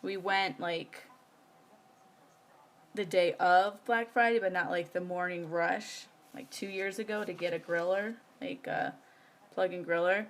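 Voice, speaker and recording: A woman's voice: on the low side, steady tone, unhurried. Chatty, rambling woman. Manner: chatty, rambling, giggly, many fillers. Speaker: planner vlogger. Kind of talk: casual live-stream chat. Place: home.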